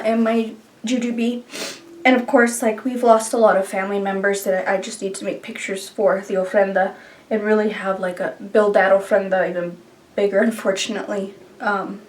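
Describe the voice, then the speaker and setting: A woman talking in a heartfelt, halting way in a casual vlog, with many fillers. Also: mid-range voice, far from the mic. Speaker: beauty YouTuber.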